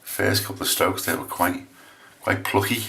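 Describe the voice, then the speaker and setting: Very deep-voiced English man, rambling. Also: moderate pace, creaky, sharp tone. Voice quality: low voice. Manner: rambling, hesitant, lots of restarts. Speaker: shaving vlogger. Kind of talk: casual chat while shaving on camera.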